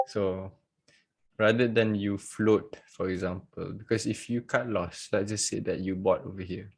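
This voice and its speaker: Male trading teacher, low husky voice, unhurried, jokey live class on a video call. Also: fairly even intonation. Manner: joking, chatty, laughs often. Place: at home.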